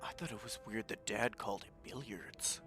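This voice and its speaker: A man's voice: on the low side, normal speed, bright, forceful tone, slightly rough, soft background music. A man playing in a live-streamed tabletop role-play, casual and swearing freely. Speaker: player.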